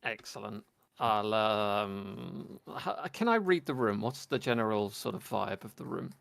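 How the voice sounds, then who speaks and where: A man's voice: fairly low pitch, sing-song, a little slow, vocal fry, fairly bright tone, no room sound. A man playing a tabletop game, playful and slipping into a theatrical character voice. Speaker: player. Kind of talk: tabletop role-play.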